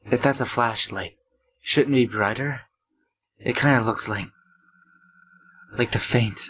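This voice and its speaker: Man, half asleep, let's play host reading game text, stutters, lowish voice, faint background hum. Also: pushed and bright, rough recording. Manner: stumbling, stuttering delivery.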